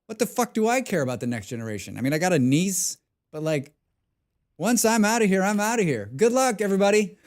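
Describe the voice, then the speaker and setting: His voice is high, sing-song and fast as he talks casually during a live game stream. He thinks aloud in a rambling way, starting over often and letting the occasional swear slip. He lives outside the country of his birth.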